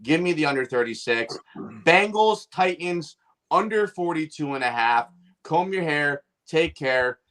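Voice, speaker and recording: A man's voice: a little high, expressive, measured pace, a bit bright. A man hosting a sports betting show, cocky and punchy, firing off picks with catchphrases. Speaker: podcast host giving bets. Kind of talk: brash sports betting rant.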